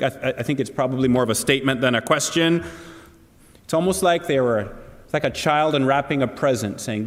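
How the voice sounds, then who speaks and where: A man's voice: mid-range voice, expressive, moderate pace, in a large hall. A man preaching a sermon to a congregation, earnest and asking them direct questions. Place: church hall.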